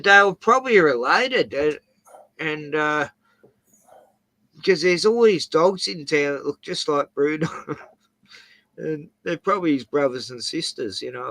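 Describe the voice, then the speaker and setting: A man's voice: medium pitch, a bit bright. A man with an Australian accent hosting a casual chat, rambling through anecdotes with chuckles. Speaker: host.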